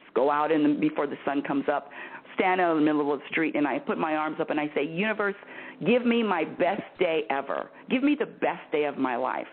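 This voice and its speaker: Woman radio host, animated and lively pitch, repeats herself, laughs often, tinny phone sound. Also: a little fast. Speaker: spiritual talk show host. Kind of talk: phone-in radio advice chat.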